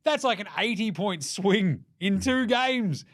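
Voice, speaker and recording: An Australian man giving a comedic basketball ranking rant, mocking and full of quick jokey asides. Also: high-pitched, lively intonation, fairly bright tone. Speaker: basketball commentator.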